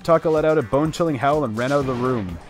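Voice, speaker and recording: A man streaming a visual novel, reading the narration aloud in a casual, animated way. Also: mid-range voice, fast talker. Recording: faint background game music.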